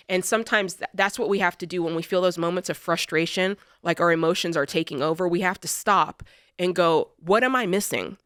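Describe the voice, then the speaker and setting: A woman co-hosting a money advice show, telling a personal story in an animated, emphatic way and repeating phrases for effect. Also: lowish voice, a little fast, clean tone, no room sound, studio quality. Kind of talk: personal storytelling in studio conversation. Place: radio studio.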